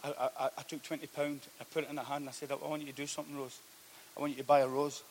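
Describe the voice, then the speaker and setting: A man preaching a sermon, telling a story that swings from hushed to loud. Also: a little high, little pitch movement, rapid-fire, slight background noise. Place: church hall.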